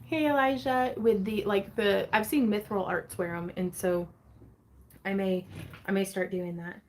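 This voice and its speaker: A woman's voice: medium pitch, steady tone, unhurried, a little mellow, a little hiss or hum. Bubbly, giggly woman hosting a craft livestream. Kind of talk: casual livestream chat, reading viewer comments.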